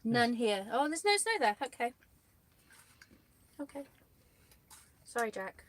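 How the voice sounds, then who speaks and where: A woman's voice: on the high side, big pitch swings, slow pace. A woman co-hosting a casual live chat from England, laughing often and reading out viewers' comments.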